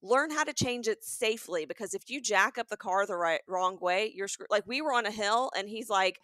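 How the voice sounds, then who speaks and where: Forties woman, podcast co-host, chatty animated storyteller, close dry mic. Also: mid-range voice, fairly quick, dry recording. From American South. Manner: animated storytelling, acting out quotes. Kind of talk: comedic casual chat.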